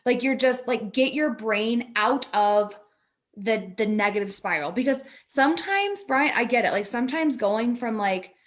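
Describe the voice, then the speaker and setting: A woman's voice: fairly high pitch, expressive, measured pace. A woman co-hosting a talk, coaching a guest in a casual, chatty way, full of "like", acting out inner voices.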